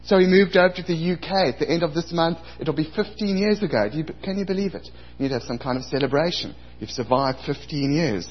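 A man's voice: fairly high pitch, fast, few pauses, husky. A man in his forties preaching a sermon as pastor, telling stories and acting out his own past outbursts. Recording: dull lo-fi recording.

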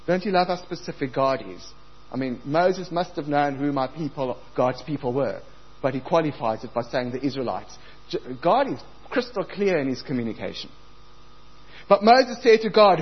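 A man preaching a sermon, acting out scripture voices with big swings in loudness and emphasis. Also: on the high side, lively intonation, normal speed, slightly rough. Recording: dull lo-fi sound.

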